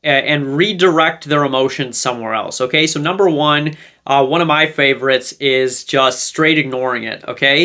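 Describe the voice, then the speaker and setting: A man's voice: medium pitch, moderate pace, bright, forceful tone. A man hosting a relationship advice video, explaining casually and checking in with 'okay?' after his points. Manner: conversational, with many fillers and restarts. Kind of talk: casual teaching monologue.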